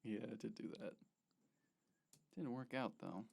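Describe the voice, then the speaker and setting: A man's voice: medium pitch, unhurried, vocal fry, a little mellow. A man voicing a hostile teenage male school bully who sneers and accuses. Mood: taunting.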